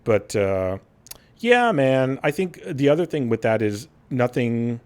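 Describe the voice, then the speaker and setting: A man hosts a gaming podcast in loose, casual chat, his pitch swinging widely from low to high as he talks. He laughs often and slips into silly voices to act out quotes. His voice sits at an ordinary middle pitch. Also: very animated, takes it slowly. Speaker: podcast host.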